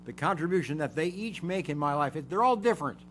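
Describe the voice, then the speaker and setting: A man's voice: a little high, animated, fast, fairly bright tone, a little hiss or hum. An older man teaching a psychology lesson, making numbered points and repeating key words for emphasis. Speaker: psychology show host. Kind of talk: lecture-style teaching.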